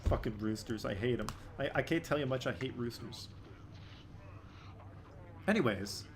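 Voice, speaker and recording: A man's voice: medium pitch, expressive, normal speed, slight background noise. A man hosting a casual game development live stream, chatting with friends in profane, exasperated banter.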